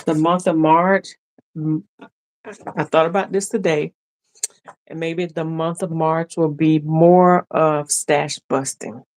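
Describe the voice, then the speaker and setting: A woman's voice: deep voice, fairly even intonation, slow pace, a little mellow, no room sound. A woman hosting a casual sewing live stream who chats and laughs with her viewers, speaking. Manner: chatty, laughing, talks to viewers directly.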